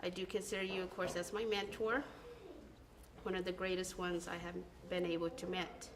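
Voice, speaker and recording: A young woman delivers a sincere recorded tribute to a former mentor. She speaks earnestly, pausing on ums and correcting herself. A faint background noise sits under her voice. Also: fairly low pitch, flat delivery. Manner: earnest, halting, with filler ums. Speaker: former band student.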